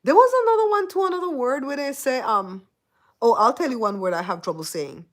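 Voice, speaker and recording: A woman from Belize with a Belizean accent chats casually on her livestream, teasing viewers and breaking into laughter often. Her voice sits a little higher than most women's. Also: expressive, brisk, a bit bright. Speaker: host.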